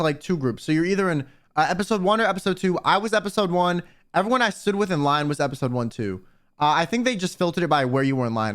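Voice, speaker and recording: A man's voice: fairly high pitch, clean tone. A young American man telling a rambling story to his viewers, full of fillers and restarts. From United States. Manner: rambling, filler-heavy, animated quoting. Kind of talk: casual storytelling.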